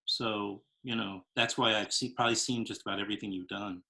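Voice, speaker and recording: A man's voice: lowish voice, steady tone, brisk, creaky, pushed and bright. A man in his fifties hosting an interview show, talking in long, rambling, hesitant sentences with many restarts. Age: 50s. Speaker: show host. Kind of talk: interview conversation.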